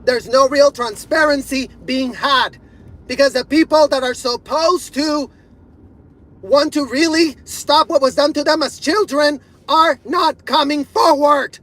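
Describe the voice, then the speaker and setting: A man ranting to camera in fury, swearing heavily, repeating his points and bursting into shouts. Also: very high voice, unhurried, low-quality recording. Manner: furious, profane, repeating himself, bursts of shouting. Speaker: video creator. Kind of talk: angry rant to camera.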